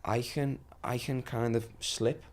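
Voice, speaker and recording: A man's voice: mid-range voice, flat delivery, measured pace, a little mellow. A young man with a Liverpool accent talking earnestly and chattily as a podcast guest, laughing often. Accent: Liverpool (Scouse). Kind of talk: casual conversation.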